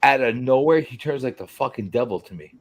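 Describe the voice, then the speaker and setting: A man's voice: medium pitch, animated, brisk. A man in casual chat, telling a heated story full of swearing and mocking re-enactments.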